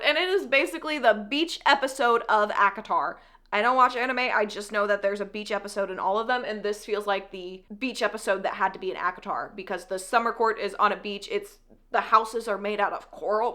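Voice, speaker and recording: Bright chatty woman recapping a book. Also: on the high side. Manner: chatty, sarcastic, laughs often. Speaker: book reviewer.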